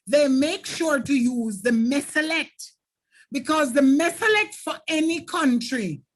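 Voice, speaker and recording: A woman's voice: high-pitched, a bit bright. A woman from Jamaica with a Jamaican accent, teaching an exam preparation lesson and talking straight to her students in an emphatic, instructive way.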